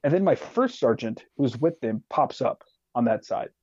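A man's voice: mid-range voice, normal speed, breathy edge, no room sound, muffled recording. Profane man telling war stories. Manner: profane, animated war storytelling. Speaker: podcast guest, retired soldier. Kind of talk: casual storytelling.

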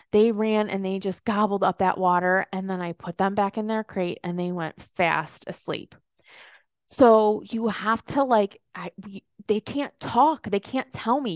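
A woman's voice: medium pitch, dry recording, studio quality. A woman in her thirties hosting a solo podcast, talking in a chatty, rambling way full of "like"s and asides. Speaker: podcast host and business coach.

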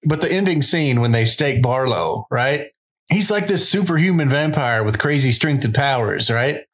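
A man co-hosting a podcast, chatting casually about a horror film, animated and laughing often as he goes off on tangents. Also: medium pitch, moderate pace. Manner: animated, laughs often, jumps into silly voices. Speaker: podcast co-host. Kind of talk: casual movie review chat.

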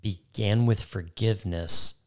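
A man's voice: lowish voice, measured pace, fairly bright tone. A man co-hosting a faith talk, telling a personal story earnestly and repeating key phrases for emphasis. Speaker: co-host.

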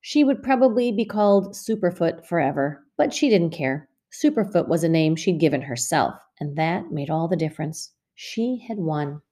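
A woman teacher reading a storybook aloud to a class of second graders, with clear, expressive pacing. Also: low-pitched, moderate pace, hardly any pauses.

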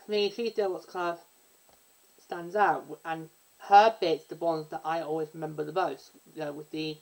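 A woman's voice: low voice, steady tone, moderate pace, darkish tone, poor audio. Rambling woman chatting about a musical. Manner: rambling, self-interrupting, breaks into sung snippets. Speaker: podcast host. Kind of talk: casual chat about a musical.

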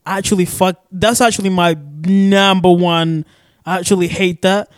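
A man's voice: high-pitched, steady tone, moderate pace, clean tone, no echo. A young man from Arizona hosting a casual solo podcast, rambling with lots of fillers and cursing, recorded in a shared studio office. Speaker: podcast host.

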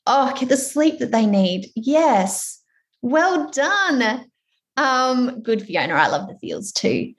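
A woman with an Australian accent presenting an online workshop over a video call, chatty, encouraging and animated. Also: on the high side, takes it slowly.

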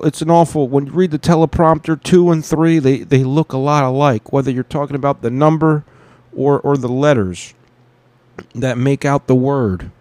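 Casting: a male podcast host, profane and rambling, mid-pitched and conversational. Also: a little mellow, no room sound. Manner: rambling, profane, easily sidetracked. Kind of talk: casual profane commentary.

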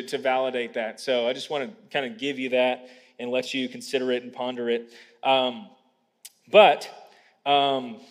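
A man delivers a sermon in an earnest pastor's voice that sits a little high for a man. He climbs to emphatic peaks and drops into asides filled with ums. His words trail off into the long reverb of a large church hall. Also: fairly bright tone.

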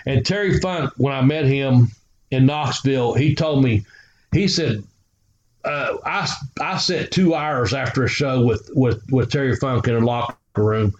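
A man's voice: mid-range voice, measured pace, a little hiss or hum. A man, a guest telling rambling stories and swearing freely. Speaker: guest, former wrestler. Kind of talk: casual storytelling. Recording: roomy, slightly dull recording.

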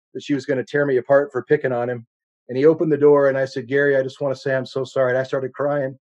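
A man's voice: medium pitch, a little mellow, muffled recording. Earnest middle-aged male preacher. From United States. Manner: earnest, personal storytelling with shifting intensity. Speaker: guest preacher. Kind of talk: sermon.

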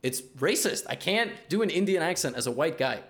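A man, a guest in a casual chat, rambling and repeating himself in quick bursts. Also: fairly high pitch, animated. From United States.

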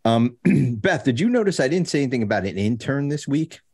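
A man hosting a recovery podcast in casual, joking chat, rambling with many fillers and restarts and clearing his throat. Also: medium pitch, big pitch swings, a little fast, a little mellow. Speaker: podcast host.

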